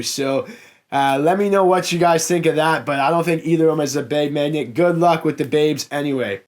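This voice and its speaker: A young man with a Canadian accent from the Niagara area, a car salesman hosting a casual Q&A and frankly answering viewer comments in a chatty way. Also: fairly high pitch. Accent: Canadian, Niagara Ontario. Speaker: car salesman and YouTube host.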